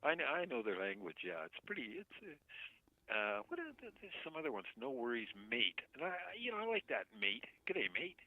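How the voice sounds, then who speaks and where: A man calling in to a late-night show, chatting casually and rambling, often chuckling and trailing off softly. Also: medium pitch, huge pitch swings, brisk, dry recording. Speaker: caller. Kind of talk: casual call-in chat. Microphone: phone. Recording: tinny phone line.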